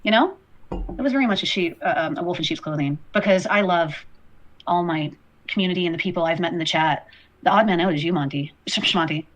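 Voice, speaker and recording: A woman's voice: on the low side, fairly quick, lo-fi sound. A woman hosting a casual livestream, rambling and apologetic, her talk full of fillers. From Canada. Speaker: livestream host.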